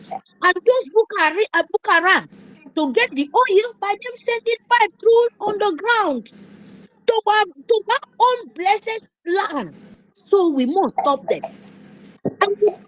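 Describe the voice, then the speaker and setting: A woman's voice: extremely high pitch, lively intonation, measured pace, poor audio. A woman giving a fervent, emphatic rally speech full of repetition. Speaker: speaker at an online activist meeting.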